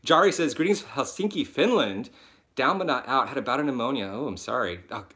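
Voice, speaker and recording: A man hosting a live question-and-answer stream, chatting casually and animated, a little sick, talking at home into a laptop mic. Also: mid-range voice. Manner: chatty, animated, quick asides and self-mocking laughs. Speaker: web series creator and host.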